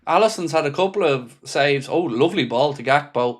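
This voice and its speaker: A man's voice: on the high side, lively intonation, fairly quick. Exasperated man commentating a live watchalong. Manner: frustrated, exasperated, swears freely; reads out viewers' chat messages. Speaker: fan channel host.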